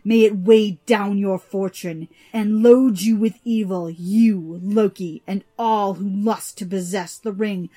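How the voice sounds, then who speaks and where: A woman voicing a furious, greedy old male dwarf who shouts and curses in a storybook reading. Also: extremely high pitch, wildly swooping pitch, moderate pace, hardly any pauses, voice pushed up, full character voice. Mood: cursing. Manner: shouting, outraged and desperate.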